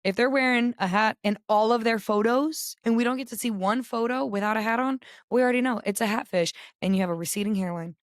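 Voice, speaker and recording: Raspy young woman telling stories. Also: a little high, fast talker, hardly any pauses, dry recording, clean studio sound. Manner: candid, animated storytelling. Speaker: podcast co-host. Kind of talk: casual chat.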